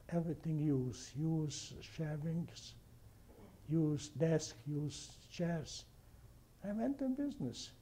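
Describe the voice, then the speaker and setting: Older man, non-native English speaker with a heavy accent, dark husky voice, halting oral-history telling. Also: on the high side. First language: not English. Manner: halting, repeats himself, restarts often. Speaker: interviewee.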